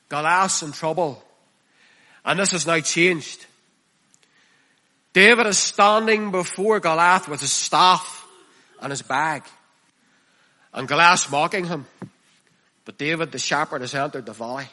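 High-voiced, fervent male preacher. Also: a little slow, pauses often. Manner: impassioned, swinging from hushed to loud; reads scripture aloud and expounds it. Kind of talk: sermon.

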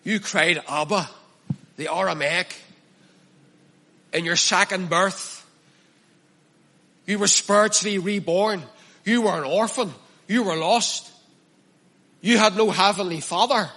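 A man's voice: sits high, takes it slowly, long pauses, bright, forceful tone. A man preaching a sermon in an earnest manner, repeating and stressing his key phrases. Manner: earnest, repetitive emphatic preaching.

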